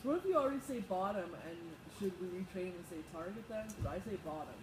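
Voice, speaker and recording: A woman's voice: medium pitch, expressive, fast talker, roomy sound, far from the mic, noisy background. A woman student in a dog agility class, asking the instructor questions.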